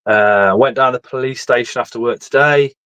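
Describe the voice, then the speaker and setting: A blunt, rambling man in his thirties talking frankly on a livestream, swearing freely as he goes. His voice sits at an ordinary middle pitch. It is recorded close and dry, with no room echo. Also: a little fast, pushed and bright, smooth. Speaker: livestream speaker reading chat. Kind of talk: candid casual chat.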